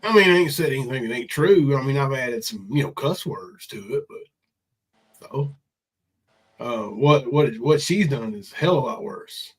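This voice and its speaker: A man's voice: medium pitch, animated, moderate pace, breathy edge, poor audio. A man with a stuffed-up nose hosting a casual live stream chat, rambling and swearing loosely.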